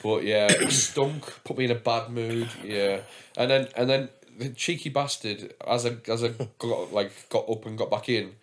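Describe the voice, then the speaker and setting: A man's voice: mid-range voice, normal speed, hardly any pauses, slight background noise. Man, podcast host, casual chat, swears a lot, laughs at himself. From England.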